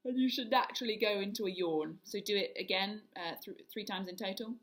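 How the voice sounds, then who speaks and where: A woman voice coach leading a guided vocal warm-up, talking through each exercise step by step. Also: medium pitch, a little fast. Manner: demonstrates yawns, hisses, hums and sirens; instructive, step-by-step.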